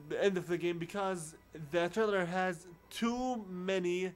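A man giving casual commentary on a video game playthrough, talking haltingly with many restarts and searching for words. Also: high voice. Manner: reads on-screen dialogue aloud in his own voice. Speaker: video game let's player.

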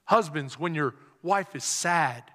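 A male pastor preaching a sermon with animated delivery, repeated refrains and call-and-response. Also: on the high side, takes it slowly. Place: church sanctuary. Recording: long hall reverb.

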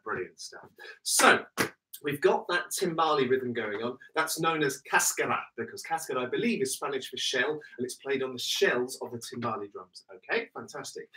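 Man, British accent, body percussion teacher, upbeat, bright, slightly high, distant mic, faint hiss. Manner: upbeat, counts in and chants rhythms. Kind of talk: online music workshop.

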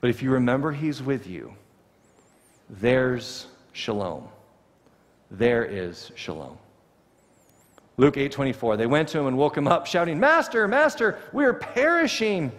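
A man preaching a sermon in an animated, conversational way, often acting out quotes. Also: mid-range voice, big-room sound. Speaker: pastor. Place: church sanctuary.

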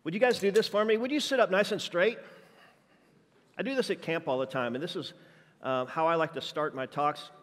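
A man's voice: fairly high pitch, a little fast, fairly bright tone. A man preaching a church sermon as a guest juggler, playful and jokey, working the crowd with energy. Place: church sanctuary. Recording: reverberant church hall.

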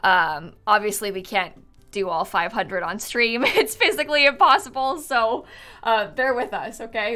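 A woman's voice: on the high side, expressive, normal speed, bright, forceful tone, faint music behind. A woman chatting casually on a live stream, touring viewers' game builds, bubbly and chatty with lots of "like"s, a bit sleepy and yawning.

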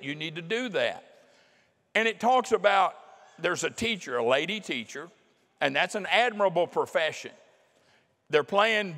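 Folksy preacher in a reverberant hall. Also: male voice, on the high side, a bit bright. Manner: folksy and emphatic, slowing down to hammer key points. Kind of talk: sermon. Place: large church hall.

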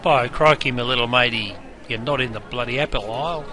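A man's voice: mid-range voice, a little fast, a crowd in the background, close to an everyday voice. An Australian-accented man playing a brash, chummy pub barman who talks in slangy, matey banter. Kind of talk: scripted character narration.

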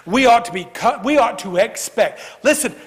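Animated preacher in an echoing church. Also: male voice, very high-pitched, normal speed. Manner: lively, jokey, swings from loud to hushed. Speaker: pastor. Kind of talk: sermon. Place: church sanctuary. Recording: echoey church hall.

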